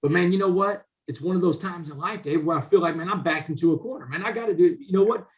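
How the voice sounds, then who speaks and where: Animated man, tells stories. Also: high voice, quick pace. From Southeast Texas, USA. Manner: animated, drops "man" into nearly every sentence. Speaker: podcast guest, author and speaker. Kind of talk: casual storytelling.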